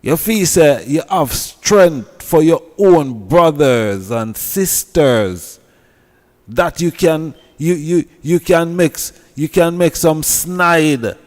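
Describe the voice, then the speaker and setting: A man's voice: on the high side, animated, slow pace, a little mellow, in a large hall. A man with a Jamaican accent who scolds and preaches in a heated commentary rant, repeating himself. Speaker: online commentator.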